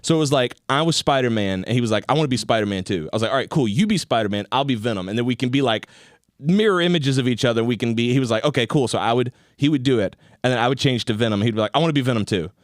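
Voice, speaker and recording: A young man co-hosting a casual talk show, telling animated stories and acting out quotes. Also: mid-range voice, fast, no echo, clean studio sound. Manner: animated storyteller, acts out quotes. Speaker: podcast co-host. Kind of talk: casual chat.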